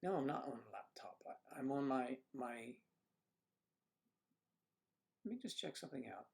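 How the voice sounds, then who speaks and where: A gravelly-voiced man chats on a livestream through a desk computer mic. He keeps clearing his throat and half-mutters to himself as he pokes at his settings, speaking at an ordinary pitch. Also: animated, brisk. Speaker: livestream host. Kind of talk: casual livestream chat while fixing tech trouble. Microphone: computer microphone at a desk.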